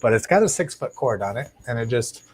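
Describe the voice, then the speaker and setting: Talking into a lapel mic in his home fish room, a man hosts a laid-back live stream about his shrimp tanks, chatty and full of fillers and restarts. His voice is medium-pitched, husky and fairly quick, the audio is poor, and aquarium tanks hum faintly behind him.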